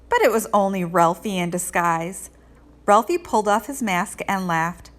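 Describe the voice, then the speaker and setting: Expressive woman reading a children's book aloud. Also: medium pitch, moderate pace. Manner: expressive, lilting storytelling. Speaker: read-aloud host. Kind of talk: children's storybook read-aloud.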